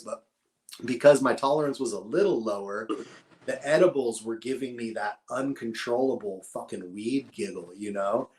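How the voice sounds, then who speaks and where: A man's voice: mid-range voice, normal speed, darkish tone. A middle-aged man, telling stories in a laid-back, rambling, profane way as a podcast guest. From Northern California. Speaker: podcast guest, cannabis grower. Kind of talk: casual conversational storytelling.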